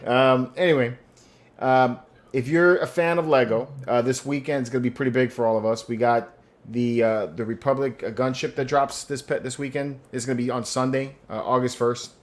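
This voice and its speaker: A man's voice: medium pitch, steady tone, moderate pace. A man hosting a live collectibles show, easygoing and casual, reading viewer comments and running through product releases. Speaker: host. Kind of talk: casual live-stream chat.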